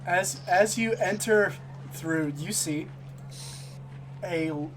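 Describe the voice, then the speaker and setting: A woman runs a tabletop game, narrating scenes slowly and teasing her players. Her voice is mid-pitched and unhurried. Background noise hums under the stream. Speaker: game master.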